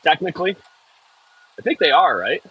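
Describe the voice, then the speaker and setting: An American equipment operator livestreams casually from the cab of a heavy machine bouncing over frozen ground outdoors. He reads viewer messages aloud and swears whenever it jolts. His voice is a little high and slightly rough, with big pitch swings and a moderate pace, and the audio is dull.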